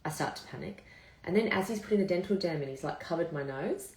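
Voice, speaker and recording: Low-voiced chatty woman in an echoey room. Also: animated, fast talker, gravelly, darkish tone. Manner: chatty, swears freely, addresses viewers as guys. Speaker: vlogger. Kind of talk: candid live chat storytelling.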